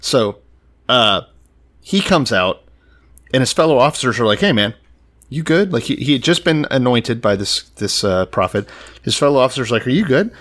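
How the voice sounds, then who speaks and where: A man casually retelling Bible stories to a friend, his voice rising and falling in lively swings. He swears freely and slips into quick impressions of the people in the story. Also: mid-range voice. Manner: animated, acts out quoted characters with profanity. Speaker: podcast co-host.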